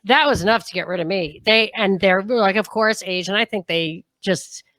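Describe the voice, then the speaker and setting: A woman co-hosting a casual livestream chat over a home video call, chatty and quick with asides. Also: medium pitch, fairly bright tone, no echo. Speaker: podcast co-host. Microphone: home video call setup.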